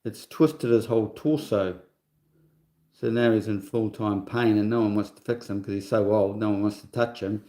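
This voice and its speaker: A man's voice: lowish voice, moderate pace, mellow, reverberant. A man in his sixties hosting a livestream in a rambling, casual monologue, scornful and full of chatty asides. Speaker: livestream host.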